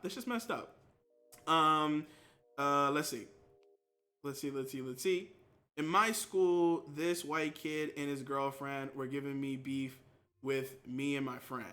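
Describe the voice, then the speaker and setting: A young man streaming games and chatting casually with viewers, telling stories animatedly and acting out quotes with sudden jumps in pitch. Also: sharp tone. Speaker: gaming streamer.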